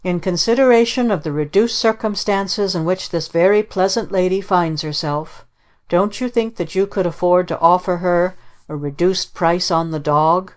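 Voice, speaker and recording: A woman reading the part of a teasing, blustery gentleman uncle in a storybook, asking sharp mocking questions. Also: on the low side, clean tone, natural voice.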